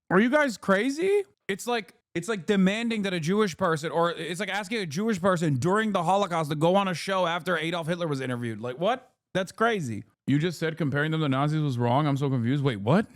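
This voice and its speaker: A man in his thirties streaming, reacting to a video with heated, sarcastic, rapid commentary full of rhetorical questions. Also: a little high, no room sound, studio quality.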